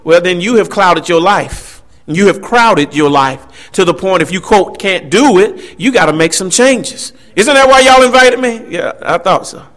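Preaching emphatically at normal speed with hardly any pauses, a man fills his sermon with animation, his high, ringing voice slightly bright. His delivery swings up and down, and he tosses asides to the congregation.

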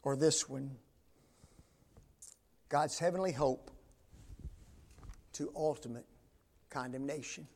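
Slow, dramatic male preacher. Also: medium pitch, gravelly. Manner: swings between loud emphatic peaks and hushed near-whispers; frequent rhetorical tag questions to the congregation. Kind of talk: sermon.

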